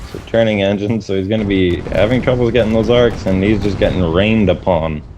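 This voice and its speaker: A man's voice: on the low side, fairly quick, noisy background. A man co-casting a game, analytical and laid-back, chuckling as he explains tactics. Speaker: esports co-caster. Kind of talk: live game commentary.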